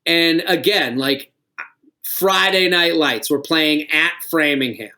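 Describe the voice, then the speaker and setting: This man's fairly high voice is slow and sharp in tone. A middle-aged comedian on a podcast as a guest, he rambles through stories, laughing a lot and swearing often.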